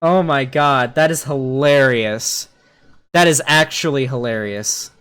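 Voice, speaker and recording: A man's voice: mid-range voice, measured pace, fairly bright tone, smooth. A man casually reacting to a video clip, mocking it and swearing freely. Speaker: political commentary youtuber.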